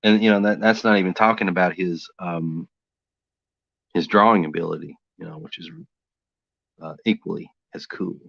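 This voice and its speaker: A low-pitched, creaky male voice sounds animated at normal speed, broken by long pauses. He's drawing live for his stream, rambling casually and talking to himself as he works, with no echo in the dull, dry lo-fi recording.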